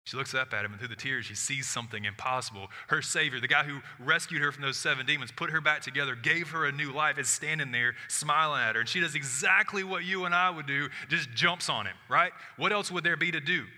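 A man preaching a sermon, telling the story with animated swings from loud to hushed and acting out the people in it. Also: on the high side, fairly quick, hardly any pauses, long reverb tail. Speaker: pastor.

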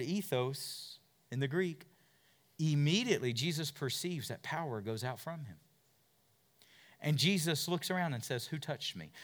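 A man preaching a sermon, telling a Bible story with questions to his listeners and big swings from loud to hushed. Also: a little high. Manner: asks the congregation questions. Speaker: pastor.

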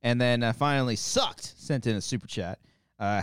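A man's voice: medium pitch, moderate pace, clean tone, dry recording, studio quality. A man co-hosting a podcast in casual chat, joking around and reading donor messages aloud. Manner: joking, animated, reads donor names aloud.

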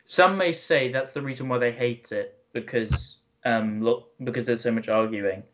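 A man's voice: medium pitch, normal speed, fairly bright tone. A man co-hosting a podcast in casual chat, explaining his views earnestly and patiently. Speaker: podcast co-host. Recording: dull lo-fi sound.

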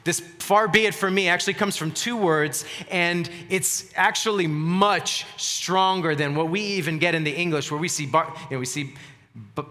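A man's voice: fairly high pitch, normal speed, bright, forceful tone, in a large hall. A man preaching a sermon as pastor, earnest and emphatic, often repeating words for stress.

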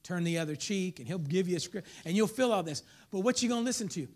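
A man preaching a sermon as pastor, swinging between loud emphatic lines and hushed whispers while acting out members of the congregation. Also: high voice, animated, quick pace.

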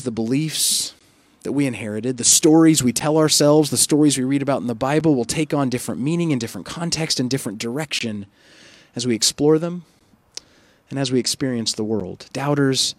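A male pastor giving a sermon in an earnest, reflective way, often trailing off softly. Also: medium pitch, dry recording. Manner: earnest, reflective, with soft dropping pauses.

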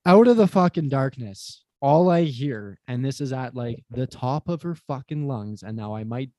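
A man's voice: mid-range voice, normal speed, dry recording. A young man on a podcast, telling a crude personal story in casual chat, swearing often and acting out what people said. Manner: animated, profane, acts out quotes. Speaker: podcast guest.

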